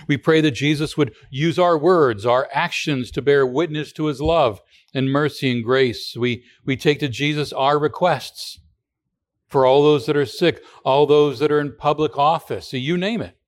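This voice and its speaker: A man giving a radio sermon as pastor, talking in a conversational way with rhetorical questions and frequent restarts. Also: on the high side.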